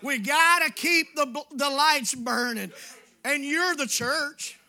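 Preaching a sermon to his congregation, a pastor speaks slowly in a very high, piercingly bright voice. His folksy, familiar talk dips into hushed asides and then rises to full shouts, with the sound of a church sanctuary around him.

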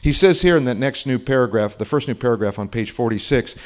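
A male pastor delivers his sermon in an earnest, conversational way. His voice sits at an ordinary middle pitch for a man, and he talks to the congregation as if chatting with them. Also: expressive, fast, hardly any pauses. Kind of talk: sermon with guided meditation.

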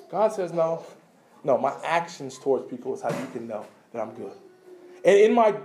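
A man preaching a sermon as pastor, animated, asking the congregation questions and swinging between loud emphasis and quiet asides. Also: a little high, a little hiss or hum.

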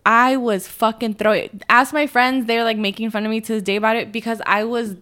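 A woman's voice: on the high side, brisk. A young woman co-hosting a podcast, telling a story in casual chat with lots of slang and swearing, acting out what people said. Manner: animated storytelling, heavy swearing and slang, acts out quotes. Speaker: podcast co-host.

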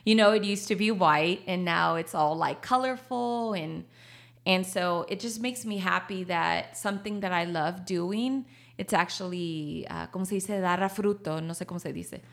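A woman's voice: fairly low pitch, moderate pace, vocal fry. A woman, a coffee shop owner talking casually in an interview, laughing often and slipping into Spanish. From Texas.

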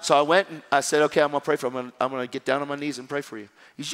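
A man preaching a sermon, telling a story in a lively, joking way and acting out the dialogue. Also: a little high, very fast, in a large hall. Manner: animated, jokey, acts out dialogue.

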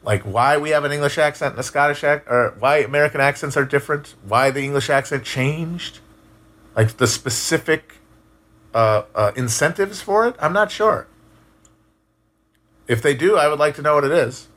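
A man casually talking on a live stream and answering chat, musing out loud, swearing now and then, with frequent restarts. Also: fairly high pitch, moderate pace. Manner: rambling, musing, profane, many restarts.

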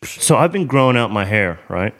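A man's voice: on the low side, very animated, moderate pace, fairly bright tone. A young man hosting a podcast, telling stories in casual chat, swearing often and laughing as he talks. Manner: swears a lot, laughs through his stories. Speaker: podcast host.

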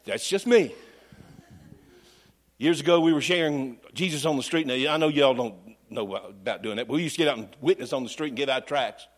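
A middle-aged man preaching a sermon as pastor, telling folksy, humorous stories. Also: on the high side.

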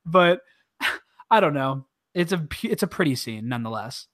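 A podcast co-host recapping a movie in casual chat, excitable and swearing a lot, with heavy filler words. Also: mid-range voice, normal speed, no room sound, studio quality.

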